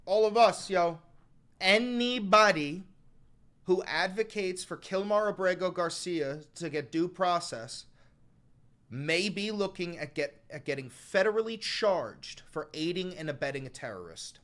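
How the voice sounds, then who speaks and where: A man hosting a political reaction show, talking in an animated, profane, slangy way. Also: high-pitched, moderate pace. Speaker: political commentary host. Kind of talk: reaction commentary.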